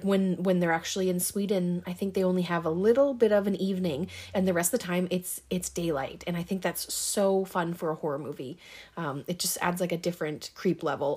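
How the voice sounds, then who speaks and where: A young woman casually retelling a film plot, full of ums and likes, briefly acting out the characters' lines. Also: fairly low pitch. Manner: chatty, many ums and likes, acts out quotes. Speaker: movie recap host. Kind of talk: casual spoken film recap.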